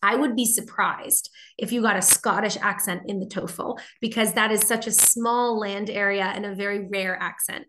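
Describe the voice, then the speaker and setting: Bright-voiced American woman teaching online. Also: medium pitch, steady tone, normal speed, hardly any pauses, a little hiss or hum. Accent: General American. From Boston, United States. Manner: chatty, answering viewer questions as she goes. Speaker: TOEFL teacher. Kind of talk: live webinar lesson.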